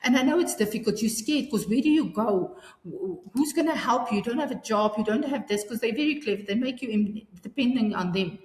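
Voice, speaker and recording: A woman's voice: a little high, animated, brisk, darkish tone. A woman, telling her story earnestly in an interview, often restarting her sentences. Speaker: guest. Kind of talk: personal interview. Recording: echoey room with long reverb.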